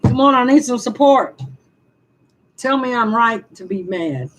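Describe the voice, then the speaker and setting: Older woman, 60s, live-stream vlogger: slow, higher-pitched, sighing and venting to chat. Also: lively intonation, a bit bright, slight background noise, rough recording. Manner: frustrated, sighing, speaks to chat.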